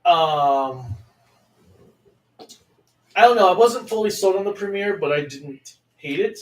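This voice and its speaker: A man's voice: high-pitched, lively intonation, unhurried. A man chatting casually in a lukewarm, hesitant way, with many fillers. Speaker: co-host. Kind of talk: casual reaction chat. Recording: echoey room, far from mic.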